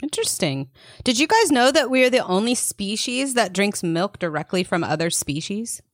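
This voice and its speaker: A woman on a podcast chatting casually, offering quiet short reactions and trivia. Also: medium pitch, sing-song, normal speed, no echo, studio quality. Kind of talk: casual chat.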